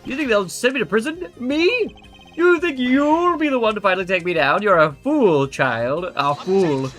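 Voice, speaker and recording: A man's voice: sits high, sing-song, measured pace, fairly bright tone, faint music behind, full character voice. A man doing a blustering old villain chairman. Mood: scornful. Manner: scornful, blustering. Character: blustering arrogant older male chairman villain.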